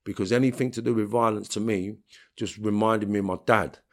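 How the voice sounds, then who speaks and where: A man's voice: fairly low pitch, fairly even intonation, fairly quick. A man with a London accent, talking bluntly and streetwise in an interview, with bursts of swearing. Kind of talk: storytelling interview.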